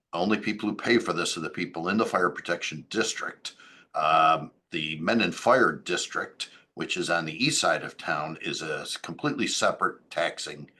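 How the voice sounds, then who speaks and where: Acting as town supervisor, a man delivers a local government update in a deep, bright, forceful voice. His speech is halting, full of fillers and self-corrections.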